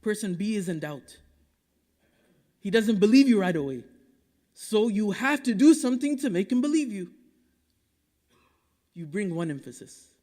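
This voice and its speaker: Male imam from Dallas, high voice, impassioned Friday sermon with quick Arabic recitation, long mosque-hall reverb. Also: expressive. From Dallas, Texas. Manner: impassioned, rhetorical, swinging between loud urging and hushed asides; recites Quranic Arabic quickly between English explanation.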